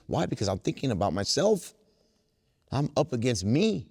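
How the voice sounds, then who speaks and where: A man speaking at a twelve step workshop, earnest and preacher-like, slowing down to stress his points. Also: mid-range voice, very animated, darkish tone, slightly rough, in a large hall. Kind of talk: recovery workshop talk.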